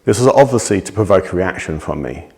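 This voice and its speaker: A man giving a testimony, recounting a personal incident in a measured, steady way with small restarts. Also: low voice.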